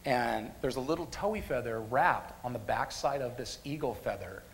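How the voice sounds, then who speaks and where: A man preaching a sermon at a church service, a lively storyteller who repeats phrases for emphasis. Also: mid-range voice, moderate pace, slight background noise. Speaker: pastor.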